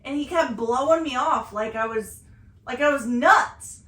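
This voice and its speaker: A woman from Southern Indiana co-hosting a podcast, telling a story in casual chat, animated and swearing freely. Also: high voice, a little slow, echoey room. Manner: animated, swears freely, shouts when retelling. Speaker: podcast co-host.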